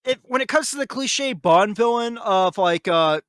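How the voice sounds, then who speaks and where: A man co-hosting a casual podcast review, excitable, swearing a lot and laughing often. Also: very high-pitched, moderate pace, clean tone, no echo. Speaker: podcast co-host.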